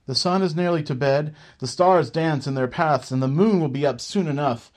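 A man's voice: on the high side, normal speed, darkish tone, voice pushed up, natural voice. A man voicing a commanding male gypsy leader who barks bold, declamatory orders.

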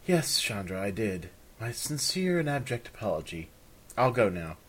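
Brief: flustered charming young bard, florid apologies, low husky tone, read by a man. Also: big pitch swings, moderate pace, fairly bright tone, exaggerated voice.

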